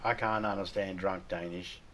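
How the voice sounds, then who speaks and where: A man's voice: deep voice, fairly even intonation, moderate pace, a bit bright. An Australian man chatting casually and rambling through jokes while streaming a game. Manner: rambling, joking, irreverent. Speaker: gaming livestreamer. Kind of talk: casual chat while gaming.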